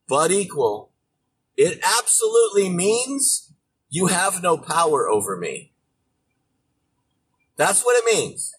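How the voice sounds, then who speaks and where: A man's voice: on the high side, a bit bright, slightly rough, distant mic, low-quality recording. A man hosting a political show, ranting in a profane, mocking way about politicians. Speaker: political podcast host. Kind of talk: opinionated political commentary.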